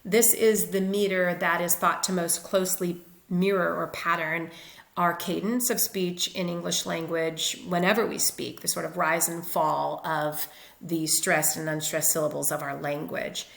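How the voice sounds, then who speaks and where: A woman's voice: on the low side, fairly even intonation, a little slow, creaky, roomy sound. A woman literature teacher explaining step by step over slides in a recorded lecture. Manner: methodical, explanatory.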